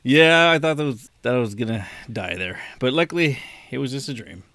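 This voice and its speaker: A man's voice: mid-range voice, lively intonation, fairly quick, bright, forceful tone, dry recording. A man co-hosting a podcast, telling a long story in casual chat, with many restarts. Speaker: podcast co-host.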